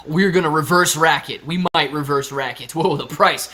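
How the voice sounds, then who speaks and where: Young guy streaming, bright voice kinda high, joking around reading chat. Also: measured pace. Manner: joking, reads viewer chat aloud. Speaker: livestream host. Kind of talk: casual live stream chat.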